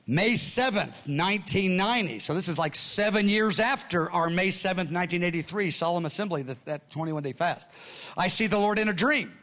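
An older man with a high-pitched voice tells stories from the pulpit in a loose, conversational way. He goes quiet and hushed at moments and often restarts his sentences. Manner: conversational, acts out dialogue, laughs often; repeats and restarts, drops to hushed tones. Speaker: preacher. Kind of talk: storytelling sermon with notes.

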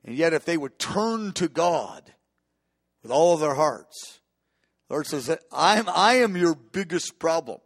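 A man's voice: a little high, animated, a little slow, no echo. Impassioned male preacher, dry sound. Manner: impassioned, builds to emphatic peaks, frequent restarts. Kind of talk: sermon.

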